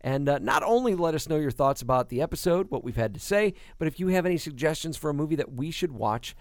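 A man's voice: a little high, animated, quick pace, no echo, clean studio sound. A man co-hosting a casual podcast, laughing often and swearing casually while he reads out show plugs. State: tired new father. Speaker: podcast co-host.

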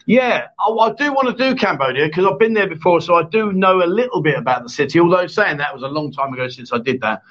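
Picture a man with a notably high voice running a casual live-stream chat show. He rambles, jokes and ribs his co-host between viewer comments. The audio sounds dull and lo-fi, like a stream mic. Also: lively intonation, fast talker, few pauses, a bit bright. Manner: joking, teasing, rambling.

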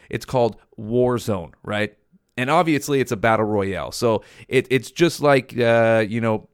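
Swearing constantly, this young podcast host from California delivers a blunt, casual rant all by himself. He has a clean, medium-pitched voice, and the studio-quality audio has no room sound.

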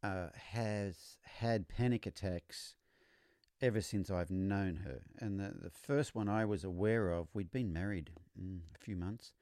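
A man hosting a podcast, explaining horse training in a relaxed storytelling way, often repeating words as he restarts. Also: low voice, measured pace, no echo, clean studio sound. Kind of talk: conversational teaching monologue.

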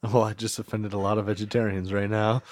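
This male podcast co-host talks fast with a flat delivery and a fairly low pitch. He tells a rambling story stuffed with "like"s and breaks into laughter often, in a casual chat recorded at studio quality without echo.

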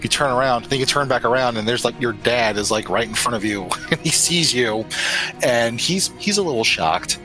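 A man runs a tabletop role-playing game as game master, with a bright voice. His narration is loose and full of fillers. Faint music plays underneath. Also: medium pitch, normal speed, rough recording.

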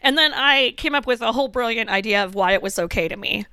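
A woman co-hosting a podcast, blunt and quick to laugh, swearing freely in casual chat. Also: on the high side, pushed and bright, clean tone, no echo. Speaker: podcast co-host.

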